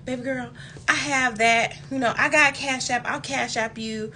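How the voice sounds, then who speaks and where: A woman quoting a smooth-talking date in an easy, casual way, a little lower and softer than her usual voice. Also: steady tone, moderate pace, slight background noise.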